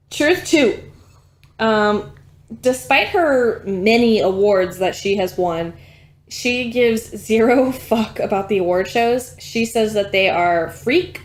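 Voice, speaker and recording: A woman co-hosting a podcast in casual chat, chatty and laughing often. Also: medium pitch. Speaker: podcast co-host.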